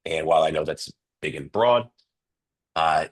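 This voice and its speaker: A man with a very low, nasal voice opens an online coaching session. He talks in a loose, chatty way, full of fillers and restarts. The sound comes through a video call. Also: unhurried. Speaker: real estate coach hosting a webinar.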